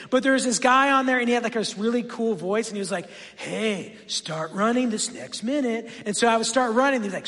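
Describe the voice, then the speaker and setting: A man's voice: very high voice, fairly bright tone. A man preaching a sermon in a church, talking in a conversational, anecdotal way with frequent asides. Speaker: pastor. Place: church sanctuary. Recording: long church reverb.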